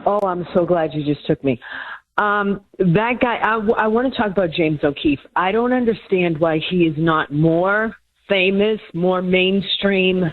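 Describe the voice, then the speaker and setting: A woman calling in to a radio show, speaking hesitantly with frequent pauses and ums. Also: on the low side. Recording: tinny phone line.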